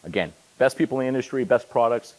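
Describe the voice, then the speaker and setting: A man's voice: mid-range voice, fast, darkish tone, rough recording. A man in his forties giving a conference keynote, telling stories with self-deprecating asides. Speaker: keynote speaker. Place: conference hall.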